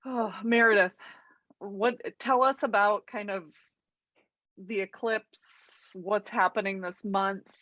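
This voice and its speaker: A woman's voice: mid-range voice, fairly even intonation, slow, dry recording. Laughing woman podcast host, dull sound. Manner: warm reactions, laughs and swears casually. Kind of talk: casual podcast chat.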